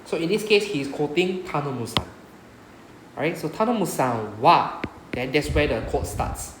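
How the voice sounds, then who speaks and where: A man's voice: on the high side, very animated, normal speed, echoey room, background noise. A man with a Singaporean English accent, teaching a Japanese class and explaining patiently, often checking with "right?". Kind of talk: classroom lecture.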